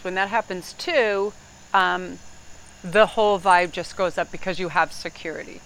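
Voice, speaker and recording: A woman with a lowish, smooth, slightly bright voice does a casual tarot reading on poor audio. She rambles, speaks bluntly, swears freely, laughs often, and sometimes puts on mock voices.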